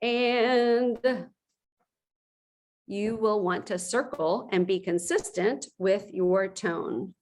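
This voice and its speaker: Female presenter, forties, passionate and fiery, unhurried delivery, motivational team trainer. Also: mid-range voice, darkish tone. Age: 40s.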